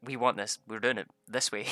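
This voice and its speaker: Young adult man, casual storyteller; bright, forceful tone in a dry, close setting; profane, laughing, jumps into high excited bursts. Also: a little fast, no room sound, faint music behind. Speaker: vlogger recapping a tabletop game session.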